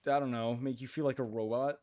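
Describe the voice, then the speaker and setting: A tired young man streaming a game late at night, talking in a halting, rambling way full of fillers and restarts. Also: medium pitch, fairly even intonation, a little mellow.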